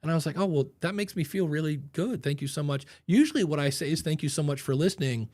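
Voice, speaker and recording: Talking fast in a fairly high voice, this podcast host keeps the conversation casual while animatedly performing the voices of the people in his stories. The recording is dry and studio-clean.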